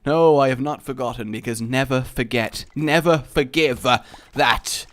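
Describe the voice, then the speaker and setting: A man's voice: mid-range voice, unhurried, a bit bright. A man hosting a gaming video, rambling through jokey, casual commentary while he plays and swearing freely.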